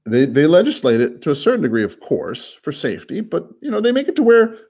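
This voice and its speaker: Man, real estate broker, coaching tone, fast, repetitive phrasing, frequent laughs. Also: a little high, huge pitch swings, darkish tone, husky. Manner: fast, repeats words, laughs often. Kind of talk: coaching talk with live cold calls.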